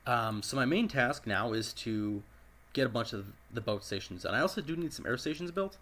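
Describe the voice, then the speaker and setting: Man, mid-pitched and raspy, casual gameplay commentator who keeps clearing his throat. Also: normal speed. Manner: steady, methodical narration of each call. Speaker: game commentator. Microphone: personal desk microphone.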